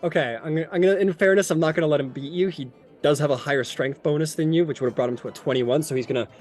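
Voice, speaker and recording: A man narrating as game master of a tabletop game, relaxed and full of fillers, with asides to the players. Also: fairly high pitch, very fast, faint music behind.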